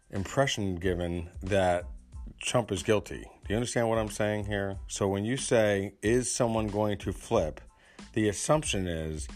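A man giving his opinions in a casual spoken monologue, rambling and pausing often with fillers and restarts. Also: low-pitched. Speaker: commentator.

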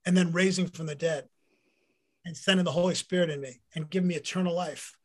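Interview guest, man in middle age, raised pitch, animated storyteller sharing a heartfelt testimony. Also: a little fast. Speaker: guest, former pro football player. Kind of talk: personal faith testimony in conversation.

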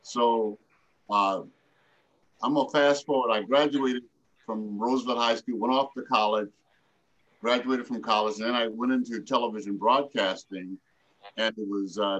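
A man in his seventies, a guest telling a relaxed anecdote in an interview. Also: lowish voice, unhurried, lo-fi sound. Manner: relaxed anecdotal telling with lively quoted voices. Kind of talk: storytelling in an interview.

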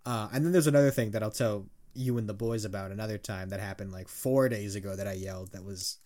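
A fast-talking man in his twenties with a fairly low, dark-toned voice co-hosts a podcast. He spins rambling stories in casual conversation, laughing a lot and swearing casually.

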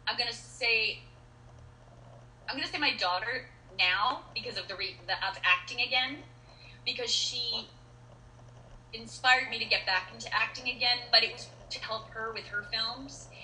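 A middle-aged actress chatting as an interview guest, telling stories in an animated way with many restarts and fillers. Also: female voice, fairly high pitch, normal speed, slight background noise. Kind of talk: casual interview chat. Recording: roomy echo.

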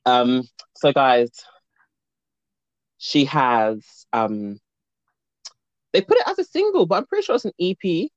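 A man's voice: on the high side, big pitch swings, slow, long pauses, dry recording. A man hosting a casual chat, playful and giggly, breaking into bits of song. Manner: playful, giggly, bursts into singing. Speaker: podcast host. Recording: dull, dry, lo-fi sound.

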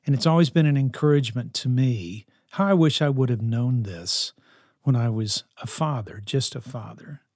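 A man's voice: medium pitch, normal speed, darkish tone, dry recording, clean studio sound. An older man and grandfather giving an earnest, emphatic talk to grandparents, repeating his key phrases. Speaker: speaker on grandparenting.

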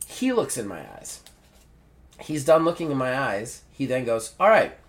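Animated man telling a story. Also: medium pitch, unhurried. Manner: animated storyteller acting out dialogue. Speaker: podcast host. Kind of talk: casual storytelling. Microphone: podcast mic.

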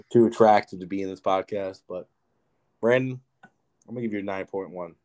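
A man's voice: low-pitched, moderate pace. A young man co-hosting a podcast, telling a story in casual, profane chat full of "like". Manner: animated, profane storytelling with lots of "like". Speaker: podcast co-host.

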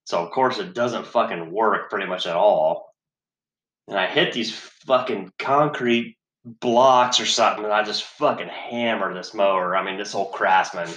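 Swearing low-voiced man in echoey room. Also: moderate pace, fairly bright tone. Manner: heavy swearing, sighs and laughs while telling a story. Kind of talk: profane casual storytelling.

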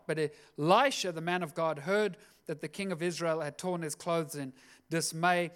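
A man's voice: a little high, fairly even intonation, moderate pace, fairly bright tone, clean tone. A man preaching a sermon, telling a scripture story with casual, jokey asides. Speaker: pastor.

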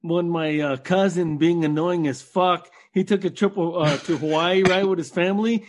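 A man's voice: sits high, fairly even intonation, normal speed. A man co-hosting a casual podcast chat, swearing and teasingly retelling stories. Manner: profane, mocking, storytelling. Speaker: podcast co-host.

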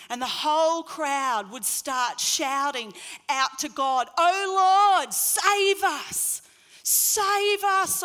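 A woman delivers a sermon with a high, bright voice. She swings from quiet, low passages to loud, ringing calls, and her words trail off into the long reverb of a large hall. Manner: expressive, rising to loud acted crowd cries. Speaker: preacher.

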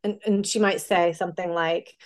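Woman giving parenting advice, lively quotes. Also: fairly low pitch. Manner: acts out parent-child dialogue with quick quoted voices. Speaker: parenting guest. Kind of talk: conversational podcast advice.

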